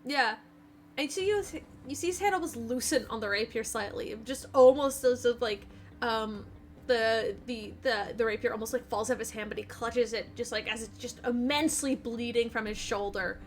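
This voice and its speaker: A woman's voice: on the high side, normal speed. A woman running a tabletop game as game master, narrating loosely with many fillers. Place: home streaming setup. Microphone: streaming mic.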